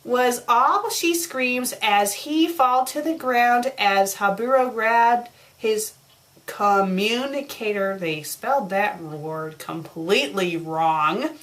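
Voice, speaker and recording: Young woman reviewer, slightly high voice, unhurried sarcastic delivery, exasperated ranting. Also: fairly bright tone. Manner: exasperated, sarcastic, rants at mistakes. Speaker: fanfic reviewer. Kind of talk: comedic review reading.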